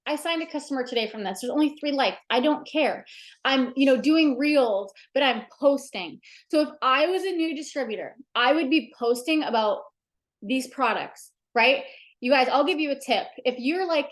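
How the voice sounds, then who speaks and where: A woman's voice: high-pitched, normal speed. A woman leading a casual livestream coaching session, talking chattily with lots of fillers and emphatic asides. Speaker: direct sales team leader.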